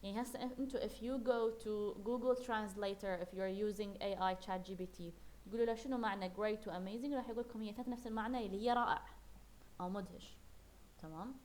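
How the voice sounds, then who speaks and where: A woman's voice: medium pitch, fairly even intonation, racing, a little mellow. A woman teaching an English class, explaining words patiently, repeating them and checking that the class follows along in a classroom. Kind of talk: classroom English lesson mixing Arabic and English.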